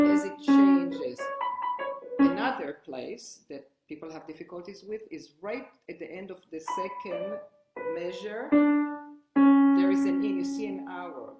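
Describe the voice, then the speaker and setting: A woman piano teacher explaining technique while she demonstrates at the keyboard, with halting restarts. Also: mid-range voice. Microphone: online workshop, single room mic. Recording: roomy sound with loud piano playing. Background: piano playing.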